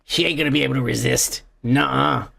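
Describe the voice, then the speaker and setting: A man's voice: mid-range voice, fairly even intonation, a little fast, gravelly, sharp tone. A man hosting a casual podcast, talking in a crude, profane, rowdy way. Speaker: podcast host.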